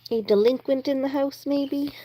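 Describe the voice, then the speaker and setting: High-voiced woman cooing at chicks. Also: steady tone, moderate pace, noisy background. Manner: cooing baby talk. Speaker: vlogger. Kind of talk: casual chat to baby birds. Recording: loud chirping chicks behind. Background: chirping chicks.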